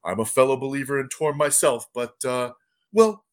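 A man's voice: mid-range voice, lively intonation, normal speed, lightly acted. Guy playing a friendly barkeep, folksy and hesitant, voice moves around a lot. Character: friendly dwarf barkeep, kindly believer, folksy.

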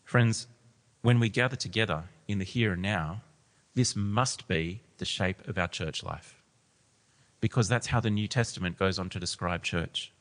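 A man with a low voice preaches in a church hall, and long reverb trails after his words. He reads scripture with swelling emphasis, then settles into plain explanation for his congregation. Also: moderate pace, a bit bright. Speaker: pastor. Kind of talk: sermon with scripture reading.

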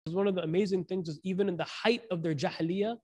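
High-voiced man giving a slangy sermon. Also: quick pace. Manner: slangy, animated, acts out quotes, frequent "like". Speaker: Islamic preacher. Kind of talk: casual sermon with storytelling.

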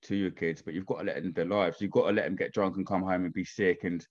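A man's voice: sits low, steady tone, quick pace. A man in casual chat, rambling and often asking "do you know what I mean". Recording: dull lo-fi sound.

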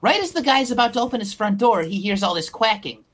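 A woman telling crude jokes in a casual, deadpan storytelling way. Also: fairly high pitch, fast talker. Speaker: guest.

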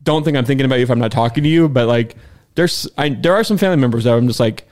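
A man's voice: medium pitch, a little mellow. A man in the middle of his range, talking in a casual podcast chat. He restarts often and leans on "like" while working out his thoughts. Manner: halting, many filler likes. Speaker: podcast co-host.

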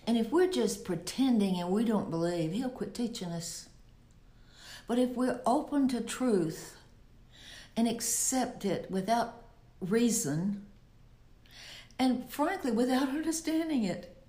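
A woman's voice: fairly high pitch, lively intonation, slow, pauses often, mellow, echoey room. A woman giving a Bible teaching in a conversational preaching style, often asking rhetorical questions. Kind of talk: sermon.

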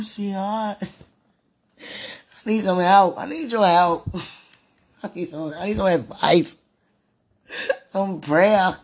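A speaker in a fervent devotional monologue, sighing and laughing often and repeating words. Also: mid-range voice.

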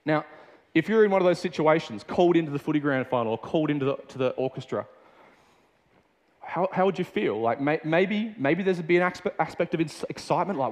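Young Australian man, chatty preacher with a slightly high voice; long reverb from the hall. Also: brisk. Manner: casual and chatty, with many fillers and restarts. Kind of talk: sermon.

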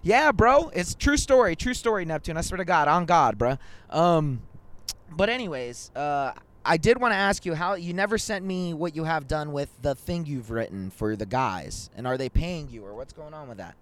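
A young man hosting a casual podcast over a video call, telling stories in an animated, slangy way and swearing a lot. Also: a little high, normal speed. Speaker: podcast host. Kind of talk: casual chat.

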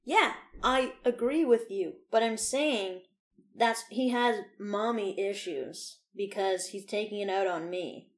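A woman's voice: medium pitch, takes it slowly. A young woman chatting casually on a podcast, teasing her co-host with crude jokes and lots of fillers. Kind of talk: casual chat.

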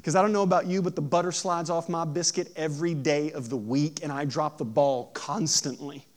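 A pastor delivers a sermon in a somewhat high voice. He puts questions to the congregation. His delivery swings between hushed, storytelling passages and loud, emphatic preaching. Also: steady tone, brisk. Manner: asks the audience questions.

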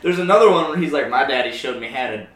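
A man's voice: medium pitch, lively intonation, fast, fairly bright tone. A young man chatting casually with friends, telling crude stories with lots of laughter and acting out the voices in them. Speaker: friend in group chat. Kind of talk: casual chat. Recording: roomy echo, distant mic, faint ambience.

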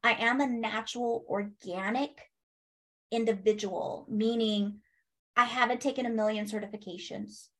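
A woman telling a personal story in a casual interview, animated, acting out what people said and laughing as she goes. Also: fairly high pitch, moderate pace. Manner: animated, acts out quoted speech, laughs, swears. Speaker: guest.

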